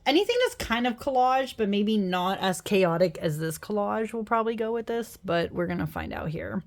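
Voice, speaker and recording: A woman's voice: mid-range voice, lively intonation, moderate pace. Chatty, apologetic woman reviewing cards. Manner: chatty, apologetic, rambling with frequent laughs. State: tired after work. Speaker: tarot deck reviewer. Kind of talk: casual deck flip-through.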